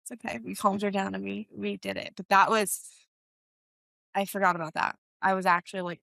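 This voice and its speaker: A young woman who works as a wedding planner hosts a casual podcast, chatting away with lots of "um" and "like." Her mid-range voice is steady, brisk and sharp with vocal fry, in a dry recording.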